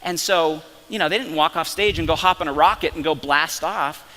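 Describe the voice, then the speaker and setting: A man presenting at a company conference session, telling stories in an animated way with frequent restarts. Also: on the high side, brisk, long reverb tail. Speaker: company science officer presenting. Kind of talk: live conference talk. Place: conference breakout hall.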